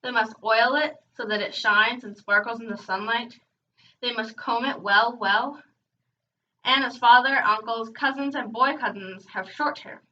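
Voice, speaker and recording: Lady reading a kids book out loud, bright higherish voice, kinda far from the mic. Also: measured pace. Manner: expressive reading with casual chatty asides. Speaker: reader hosting a read-aloud channel. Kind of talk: reading a children's book aloud. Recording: dull, distant home recording.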